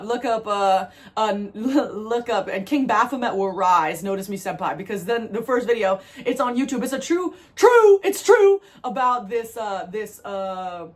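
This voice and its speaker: A woman from New Jersey giving a spiritual tarot reading, talking to viewers in an animated way, repeating phrases for emphasis and laughing often. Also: a little high. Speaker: tarot reader.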